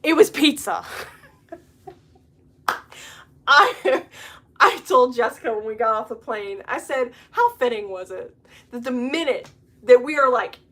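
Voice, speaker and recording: A young adult woman hosting a podcast, chatting casually and telling stories in an animated way, laughing often. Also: on the high side, measured pace, long pauses. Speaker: podcast host. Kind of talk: casual chat.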